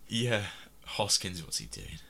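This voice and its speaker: A lower-pitched man from England with a bright, forceful tone. He talks casually about films, rambling and restarting as he goes. He laughs often between points. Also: big pitch swings, a little slow, creaky. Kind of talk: casual film discussion.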